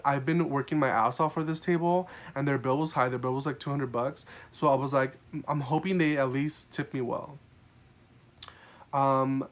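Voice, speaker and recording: Exasperated man telling a work story. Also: on the high side. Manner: animated, exasperated, swears freely. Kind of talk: casual storytime vlog.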